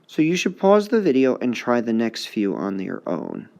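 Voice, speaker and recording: A male high school English teacher giving a recorded lesson on poetic meter, repeating words to sound out their stresses. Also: huge pitch swings, moderate pace, gravelly, a little mellow. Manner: sounds out syllables to mark the stresses.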